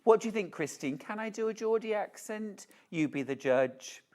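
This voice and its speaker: A woman's voice: mid-range voice, animated, normal speed, darkish tone. A woman presenting on a live shopping channel, gushing and chatty as she shows products and reads out viewer messages.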